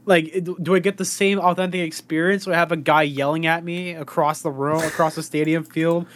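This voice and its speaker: A man's voice: on the high side, little pitch movement, moderate pace, a bit bright. A man co-hosting a casual podcast, giggly and playful. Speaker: podcast co-host.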